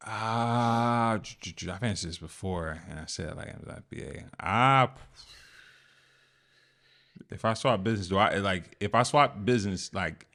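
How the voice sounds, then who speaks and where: Brief: male podcast host, very low voice, loose easygoing delivery, filler words. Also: moderate pace. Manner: relaxed, rambling, frequent fillers. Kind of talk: casual podcast chat.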